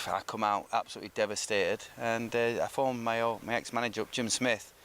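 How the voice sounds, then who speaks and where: A middle-aged man, a former professional footballer, telling lively anecdotes in a relaxed interview and acting out what others said. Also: fairly low pitch, a little fast, creaky, hardly any pauses, slight background noise. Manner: lively storyteller who acts out quoted speech.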